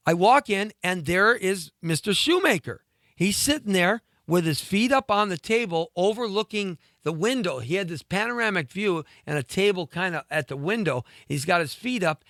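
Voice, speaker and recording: A man's voice: sits high, pushed and bright, no echo, clean studio sound. A man telling a long story on a talk show, rambling with many fillers and restarts and acting out the voices of the people in it. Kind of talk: animated storytelling.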